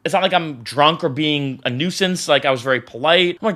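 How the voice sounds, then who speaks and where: A man's voice: fairly high pitch, fast, few pauses. A young man telling a story in a casual vlog, acting out the dialogue as he goes. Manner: animated, acts out the dialogue. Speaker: vlogger.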